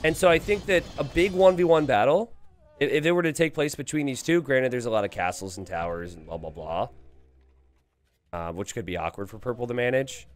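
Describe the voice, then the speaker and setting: A man's voice: mid-range voice, a little fast. A man commentating a strategy game live on stream and reading the chat aloud. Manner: animated, reads viewer chat aloud.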